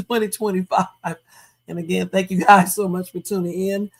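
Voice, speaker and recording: A woman hosts a late-night livestream, chatting casually and directly to her viewers, whom she calls "y'all." Her voice is lowish with fairly even intonation and a moderate pace, and faint music plays in the background.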